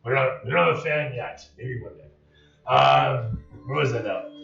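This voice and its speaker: A man with a medium-pitched, creaky voice speaks at a moderate pace as game master of a tabletop game on a live stream. He describes scenes like camera shots and uses lots of fillers. The recording sounds echoey, distant, and dull, with faint music in the background.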